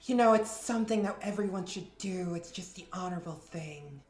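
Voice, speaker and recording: Confident woman player, lowish voice, echoey room. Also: brisk, darkish tone, faint music behind. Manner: confident, teasing. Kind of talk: tabletop role-play.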